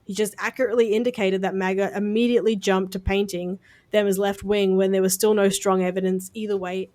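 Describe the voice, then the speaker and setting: A woman's voice: medium pitch, a little mellow. A woman co-hosting a podcast, talking through news in a blunt, casual way, swearing and laughing at her own jokes. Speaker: podcast co-host.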